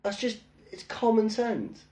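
A man's voice: sits high, unhurried, dark tone, reverberant. A man bantering in casual chat, cutting in with cheeky, crude jokes.

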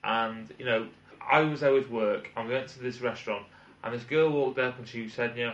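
A British English speaker with a mid-range, slightly bright voice talks at normal speed. He tells a long, frustrated restaurant story in casual chat, rambling and cursing as he rants. The audio comes across as distant, roomy, dull and lo-fi.

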